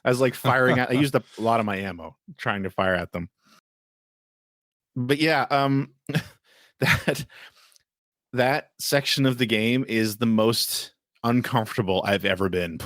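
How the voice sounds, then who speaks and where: A podcast co-host with a medium-pitched, fairly bright voice talks unhurriedly, leaving long pauses. He rambles casually with many fillers and restarts, and the recording is dry and clean, studio style.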